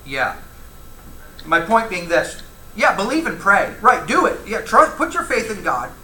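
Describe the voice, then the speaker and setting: A man leads a Bible class in a conversational way, putting questions to the room and reading verses aloud. His voice is bright and lively in pitch. The sound is roomy and echoey, with a faint hum of ambience behind him. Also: a little slow. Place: church classroom.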